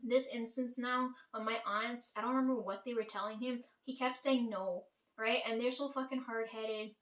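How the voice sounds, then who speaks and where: A woman's voice: on the high side, fairly even intonation, moderate pace, fairly bright tone, distant mic. Blunt, profane woman storyteller. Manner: blunt, profane, emphatic, keeps asking "right?". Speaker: vlogger telling a family story. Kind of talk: casual storytelling to viewers. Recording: echoey room.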